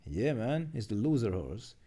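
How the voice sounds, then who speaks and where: Fairly low and dark with a breathy edge, this man's very animated voice moves at a moderate pace. He's reacting to memes on a live stream in a chatty, mumbling manner, laughing at the jokes and restarting many times.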